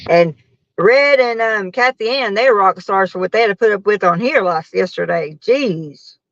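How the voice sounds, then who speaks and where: A woman's voice: medium pitch, animated, normal speed, no room sound. A tired woman rambling to her viewers during a casual live stream, laughing often. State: tired after a long work shift. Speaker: livestreamer chatting with viewers. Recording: dull, dry phone-mic sound.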